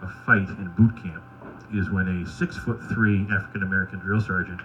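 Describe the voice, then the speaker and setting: Male stand-up, deadpan crude storyteller, bright forceful voice, lo-fi live tape. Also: sits low, fairly quick, slight background noise. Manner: wry, deadpan anecdotes with crude asides. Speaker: stand-up comedian. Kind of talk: stand-up storytelling at an open mic.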